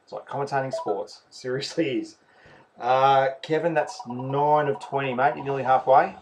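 A man's voice: mid-range voice, steady tone, normal speed, noisy background. A man with an Australian accent, hosting a live raffle and commentating each name as it is drawn. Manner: chatty, calls names and counts spots. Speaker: raffle host.

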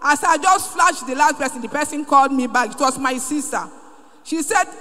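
Fervent high-voiced woman testifying. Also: animated, normal speed. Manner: fervent, rising to shouts. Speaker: church member giving testimony. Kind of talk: emotional church testimony. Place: large church hall. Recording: echoey hall.

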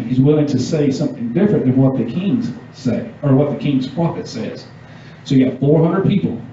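A man's voice: medium pitch, warm tone, a little hiss or hum. Youth preacher, male, conversational, quizzes the room; muffled distant recording in a church hall. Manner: casual, asks the audience questions. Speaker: youth pastor. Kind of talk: youth sermon with scripture reading. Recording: echoey dull room sound from far off.

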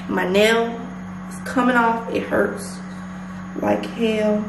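A woman's voice: mid-range voice, steady tone, takes it slowly. A young woman vlogging to camera at home, venting frankly with heavy swearing. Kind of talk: casual vlog rant to camera. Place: indoors at home. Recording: echoey room with clear background noise.

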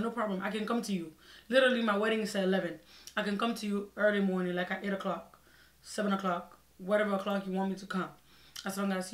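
A young woman vlogger telling a personal story in a casual, expressive way, acting out her own side of the conversations. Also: mid-range voice. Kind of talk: storytime vlog. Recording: echoey room.

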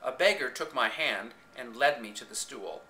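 A man's voice: medium pitch, moderate pace, sharp tone, a little hiss or hum. A man reading a story aloud in the first person with dramatic expression, recorded on a home camcorder in an echoey room. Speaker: reader.

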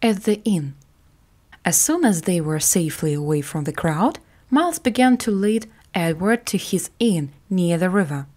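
A woman teacher narrating a classic story in a slow, clear, careful way for English learners. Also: lowish voice, animated, a little mellow.

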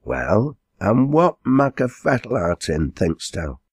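A man voicing a sturdy, hurried quarryman who speaks bluntly in a broad Lancashire dialect, in an audiobook. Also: lowish voice, very animated, husky, dry recording, clean studio sound, voice pushed up, full character voice.

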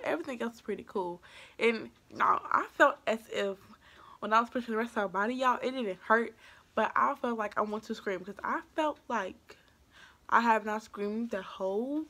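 Young woman, casual storytime vlog, lively voiced quotes, higher voice. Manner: animated retelling with voiced quotes, swings from hushed to loud. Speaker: vlogger.

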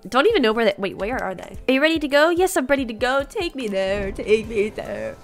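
A woman giving excited first-reaction commentary on a game update, gasping, giggling and repeating herself. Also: fairly high pitch, a little fast. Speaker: gaming YouTuber. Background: faint background music.

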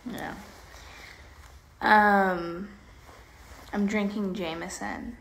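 A woman's voice: mid-range voice, slow, creaky. A woman chatting casually on a phone livestream, rambling and playful. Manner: rambling and playful, baby talk to her dog. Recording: echoey room with faint noise.

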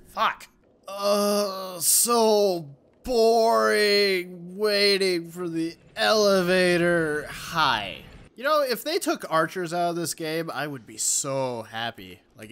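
High, lively swearing gamer guy. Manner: profane, jokey, loud reactive outbursts. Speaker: let's play gamer. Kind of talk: gameplay commentary.

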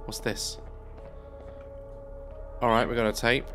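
A man's voice: medium pitch, little pitch movement, slow, over music. A man giving let's play commentary on a video game, chatty and bemused, thinking aloud as he plays. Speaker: gaming YouTuber.

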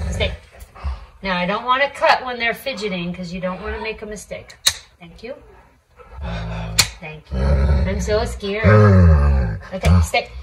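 A woman host talking casually to viewers while trimming her dogs' nails, coaxing them with soft praise. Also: medium pitch, background noise. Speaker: alpaca farmer and channel host. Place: indoors with the dogs on a farm.

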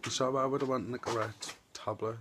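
A man's voice: medium pitch, steady tone, quick pace, background noise. Chatty camp young man. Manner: chatty, camp, self-mocking. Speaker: vlogger. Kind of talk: casual vlog chat. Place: outdoors on a town street.

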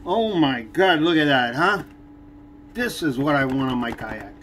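Going through items in his unboxing vlog, this fishing channel host grumbles irritably, talking slowly and pausing hesitantly. His medium-pitched voice is fairly bright with lively intonation, over a faint hum of background noise.

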